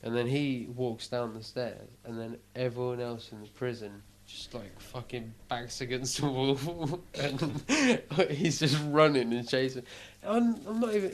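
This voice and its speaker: A man guesting on a chat show, reacting quickly and retelling videos with excitement. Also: medium pitch, slight background noise. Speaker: comedian guest. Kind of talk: casual chat.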